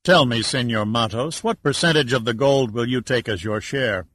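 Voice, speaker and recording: A man's voice: medium pitch, moderate pace, a bit bright, no room sound, close to an everyday voice. A man doing a sly, probing investigator. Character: shrewd male investigator.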